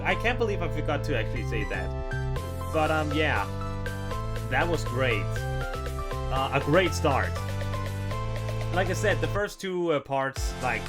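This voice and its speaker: A man giving casual blind reaction commentary on an audio drama as a video plays. He rambles, restarts his sentences and laughs often. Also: medium pitch. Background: music from the video.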